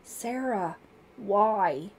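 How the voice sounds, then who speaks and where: A woman reading a shouting police lieutenant. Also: high-pitched, level tone, normal speed, slight background noise, lightly acted. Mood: pained. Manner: shouting orders. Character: stern middle-aged male police lieutenant, a father. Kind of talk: audiobook character voice.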